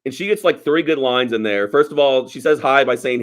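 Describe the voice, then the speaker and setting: A man in relaxed, casual podcast conversation, chatty and quick to laugh. His voice sits at an ordinary middle pitch, and he slips into acted voices when quoting lines. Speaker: podcast co-host. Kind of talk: casual movie podcast chat.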